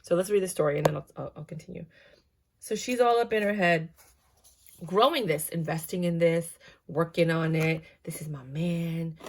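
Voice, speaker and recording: Woman, tarot reader, casual slangy reading, dramatic, fairly low voice. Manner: dramatic, acts out quotes, slangy.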